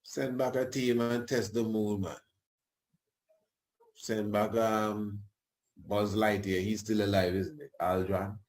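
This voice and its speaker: Brief: male radio talk host, low register, loose colloquial rambling delivery. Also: level tone, takes it slowly, pauses often. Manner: rambling, colloquial, chuckles asides.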